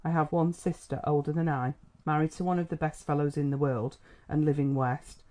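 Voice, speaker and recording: A man's voice: on the high side, steady tone, a little fast, a little mellow, lightly acted. A man reading an audiobook, voicing an earnest, self-possessed young engineer speaking to his fiancée's father.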